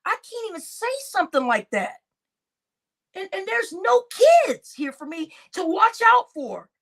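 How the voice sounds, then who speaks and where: A woman's voice: very high voice, big pitch swings, a little slow, gravelly, a bit bright. A woman giving an indignant, exclaiming livestream commentary, talking straight to her chat.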